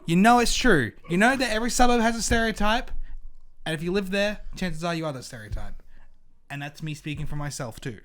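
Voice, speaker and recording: A young man with an Australian accent hosting a casual podcast chat, playful and quick to laugh. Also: high-pitched, animated, fairly bright tone. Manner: playful, laughing, runs the game. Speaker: podcast host.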